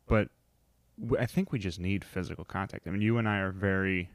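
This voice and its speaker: A man's voice: low-pitched, a little fast, no room sound. Man, podcast co-host, casual chat, playful, rambling, dry close mic. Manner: rambling, playful, laughs often.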